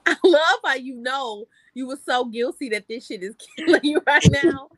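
Woman co-host, fairly high lively voice, teasing and blunt, casual chat. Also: moderate pace.

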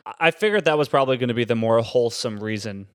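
A man's voice: medium pitch, lively intonation, quick pace, smooth, dry recording. Playful guy co-hosting a podcast, mid voice, dry close sound. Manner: playful, reacts with short interjections. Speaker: podcast co-host. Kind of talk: casual chat.

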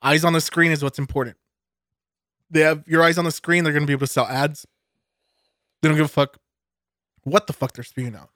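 A cynical man on a podcast, fired up and cursing through a long rant. His voice is a touch higher than most men's. The sound is close and dry. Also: fairly even intonation, a little fast, pauses often, fairly bright tone, dry recording. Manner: fired-up, cynical, swears heavily. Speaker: podcast co-host. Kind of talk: casual profane rant.

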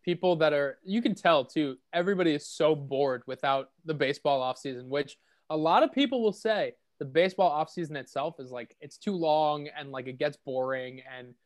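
A man's voice: fairly high pitch, fairly quick, no echo. A man co-hosting a podcast, joking and teasing in casual chat. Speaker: podcast co-host.

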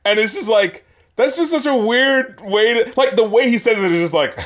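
A man's voice: extremely high pitch, expressive, normal speed, fairly bright tone. A man chatting casually, rambling and mocking, swearing freely and laughing often, with many "like" fillers. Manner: profane, rambling, lots of "like" fillers. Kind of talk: casual chat.

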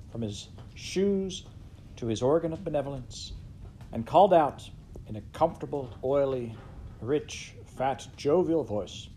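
A man reading a classic story aloud in an expressive way, with big swings in loudness and pitch. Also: slight background noise. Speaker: storybook reader.

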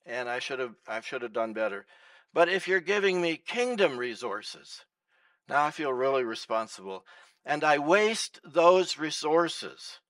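Pastor, male, preaching in church, bright sharp tone, mic a bit far but dry, swings loud to hushed. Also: a little high, unhurried, no echo. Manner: animated, swings between loud emphasis and soft hush. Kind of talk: sermon.

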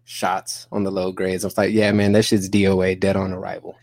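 A man in his thirties telling a story on a podcast, animated and profane, acting out both sides of an argument in quoted dialogue. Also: sits low, fairly quick, creaky, no room sound. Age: 30s. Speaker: podcast guest.

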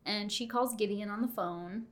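A woman's voice: mid-range voice, normal speed. A woman casually recapping a TV episode with a friend in a playful manner. She acts out the characters' lines as she goes. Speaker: podcast co-host recapping a TV episode. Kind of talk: casual chat.

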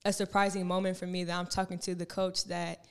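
A young woman, a college basketball player, answering interview questions in a calm, reflective way with many filler words. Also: fairly low pitch, a little fast, smooth. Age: young adult. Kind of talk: casual interview.

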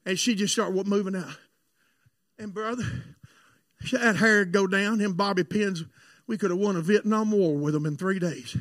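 A man preaching a sermon, telling stories and swinging from loud calls to the congregation to low, joking asides. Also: normal speed, no echo, clean studio sound.

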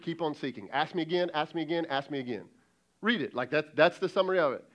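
A man who is a lead pastor, preaching a sermon in a conversational way and often asking rhetorical questions. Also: on the high side. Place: church service.

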